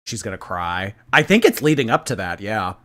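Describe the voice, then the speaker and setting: A man hosts a sarcastic reaction commentary with laughing asides. His pitch swings widely between low mutters and high exclamations. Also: sing-song, moderate pace, a bit bright. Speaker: commentary host.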